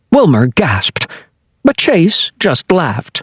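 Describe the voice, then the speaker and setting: Brief: man narrator for a kids' fantasy audiobook, husky tone, very lively pitch. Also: moderate pace, no room sound. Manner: expressive storytelling. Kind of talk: scripted narration of a children's fantasy novel.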